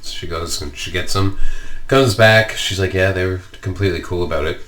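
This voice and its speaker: A man's voice: deep voice, a little fast, fairly bright tone. A man co-hosting a podcast, telling a rambling story with lots of swearing and fillers. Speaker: podcast co-host. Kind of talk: casual chat, storytelling.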